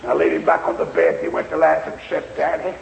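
A male preacher tells a story in a high, gravelly voice with a folksy, emphatic delivery. The sermon rings through a large, echoing hall with a long reverb tail and a faint hiss in the background. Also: fast. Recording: echoey hall, faint noise.

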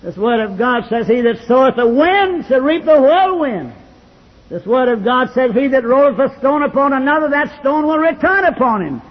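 A man preaching a fiery sermon as pastor, with a husky voice. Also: very high-pitched, animated, normal speed. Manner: fiery Southern preaching cadence, rising to shouts. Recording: lo-fi archival church recording with long reverb.

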